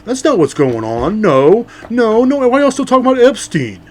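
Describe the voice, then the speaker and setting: A man's voice: sits high, wildly swooping pitch, normal speed, darkish tone, voice pushed up, exaggerated voice. A man putting on a mocking impression of a dismissive older male politician who brushes off questions with repeated denials.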